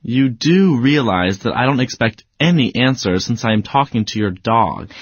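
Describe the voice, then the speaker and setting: A man's voice: mid-range voice, animated, normal speed, dry recording. A man playing a student in a scripted educational dialogue, playful and mock-exasperated.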